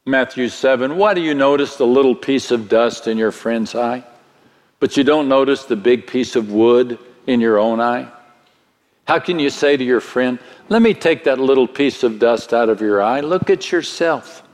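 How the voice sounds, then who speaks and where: A man preaching a sermon, slow and dramatic, his voice swelling higher at the most stirring moments. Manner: slow, dramatic delivery with sudden swells in pitch. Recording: long hall reverb.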